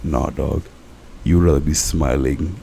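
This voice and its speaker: A man's voice: a bass voice, fairly even intonation, a little slow, vocal fry, mellow, slight background noise. A young man rambling earnestly in casual chat, a bit drunk and repeating himself. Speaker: podcast co-host. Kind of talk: casual late-night chat.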